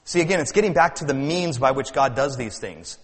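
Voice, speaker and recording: A man's voice: mid-range voice, animated, fairly quick, a bit bright, big-room sound. A man preaching a sermon as pastor, earnest, with rising and falling emphasis and frequent repeated words.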